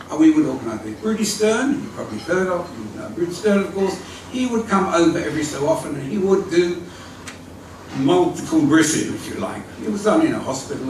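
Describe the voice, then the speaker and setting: An older man tells a story to a gathered audience, his high voice rising and falling in lively swings. He sounds distant and echoes strongly off a large hall, with a faint murmur of room sound behind him. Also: a little hiss or hum. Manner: vivid storytelling with acted-out quotes, lively. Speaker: speaker at a community evening, former school leader. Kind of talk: storytelling talk. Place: large hall at an evening event.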